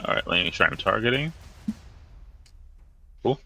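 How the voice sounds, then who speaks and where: A man playing a tabletop game, chatting casually with a slow, jokey drawl. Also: lowish voice, big pitch swings, gravelly, bright, forceful tone. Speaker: player. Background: faint fantasy background music.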